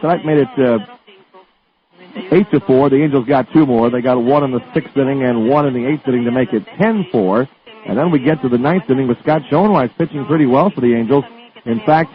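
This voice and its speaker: A man calling a baseball game as the radio play-by-play announcer, excited on the final out. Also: on the high side. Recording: muffled AM radio broadcast.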